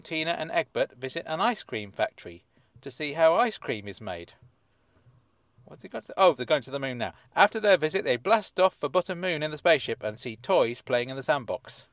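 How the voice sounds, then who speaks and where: A man with a mid-pitched voice reads out episode synopses and then mocks them with dry, sarcastic asides. The sound is close and dry, with no room around it. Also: fairly bright tone, no echo. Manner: dry, sardonic asides with chuckles. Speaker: host reading and riffing on episode synopses. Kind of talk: casual comic commentary.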